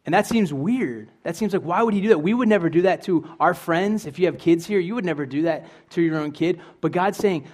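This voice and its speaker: A man's voice: high-pitched, brisk, hardly any pauses, a little mellow. A young man preaching a sermon in an earnest, conversational way, asking his listeners questions.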